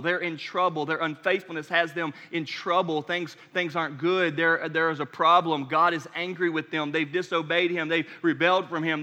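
A man's voice: a little high, bright, forceful tone. A man preaching a sermon as pastor, stressing his points by repeating phrases. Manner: preaching with rising intensity, repeating phrases for emphasis. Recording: long hall reverb.

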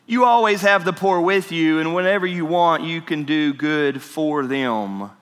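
A man's voice: on the high side, a little slow, fairly bright tone, smooth, long reverb tail. A man preaching a conversational sermon as pastor, asking the congregation questions.

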